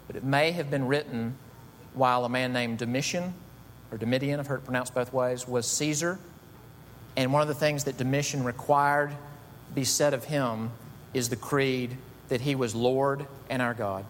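A man preaching a sermon as pastor, emphatic, rising to high bursts on key words. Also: long reverb tail, a little hiss or hum.

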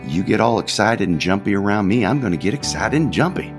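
A man with a very low voice talks through an unscripted devotional as a pastor hosting his own show. He speaks candidly and conversationally, circling back to repeat his phrases. Soft guitar plays faintly underneath. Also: big pitch swings, brisk. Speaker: podcast pastor.

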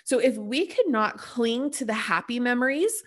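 A woman's voice: fairly high pitch, expressive, normal speed. A woman hosting her own podcast in a casual spiritual monologue, chatty and full of fillers, blunt and cheerfully profane. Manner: chatty, full of "like" and "you know". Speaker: podcast host.

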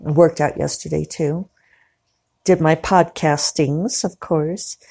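A woman talking casually about her day in a chatty, rambling way, quick to laugh, from her living room at home. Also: low-pitched, steady tone, gravelly, warm tone, slightly rough. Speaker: podcaster. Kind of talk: casual diary-style monologue.

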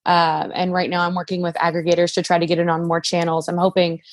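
A woman filmmaker as a guest on a podcast, talking in a friendly, giggly, relaxed way. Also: on the low side, quick pace, no echo. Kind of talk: casual interview chat.

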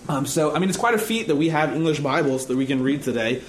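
A fairly high-voiced man gives a casual, conversational sermon, often checking in by asking "right?". He is recorded in an echoey room with faint background noise. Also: lively intonation, fast talker. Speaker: preacher and teacher.

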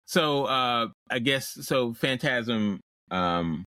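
A man's voice: mid-range voice, lively intonation, bright, forceful tone, no room sound. Man hosting a movie podcast, dry sound. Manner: asks questions, steers the talk, halting with restarts. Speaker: podcast host. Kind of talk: casual movie review chat.

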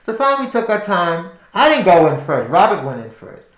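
A man's voice: sits high, very animated, brisk, a bit bright. An older man telling a personal story casually, rambling with restarts and repeated words. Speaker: podcast storyteller. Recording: roomy echo.

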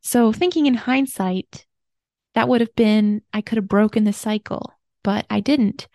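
Woman doing a heartfelt solo podcast, gentle and open, mid pitch, dry sound. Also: a little slow, no room sound. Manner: earnest, gentle, openly confessional. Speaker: podcast host. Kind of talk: personal reflective monologue.

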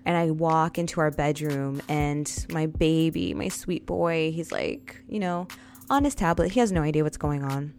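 A woman's voice: low voice, a little slow, darkish tone, soft background music. A woman in her thirties telling viewers a personal story in a casual, confessional way, often calling out to them and repeating lines for emphasis.

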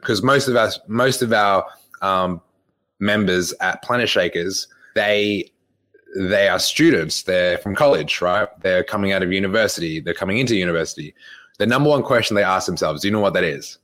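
A man's voice: low voice, moderate pace, a bit bright. A young man, a fitness coach telling a rambling, profane story in casual podcast talk. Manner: rambling, profane, laughs often.

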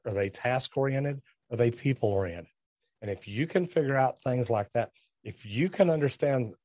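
A man talking as a podcast guest, direct and animated, acting out bits of dialogue as he explains. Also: mid-range voice, no room sound. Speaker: guest, trade business owner. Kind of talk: casual podcast conversation.

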